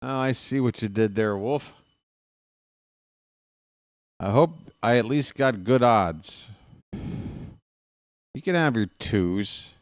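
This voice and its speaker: A man hosting a live stream, trash-talking his opponents in a dice game, swinging from muttering to excited yelling. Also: mid-range voice, takes it slowly, pauses often, no echo, studio quality. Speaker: streamer and play-by-play host. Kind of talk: casual live-stream commentary while playing a dice game.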